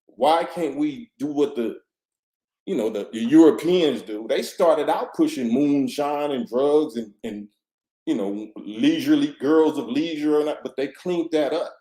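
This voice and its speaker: A man's voice: fairly high pitch, animated, unhurried, mellow, reverberant, poor audio. A man giving an impassioned, preachy monologue as an interview guest, full of street slang and repeated phrases. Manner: preachy and fervent, with street slang and many 'you know what I'm saying'; repeats himself and restarts often.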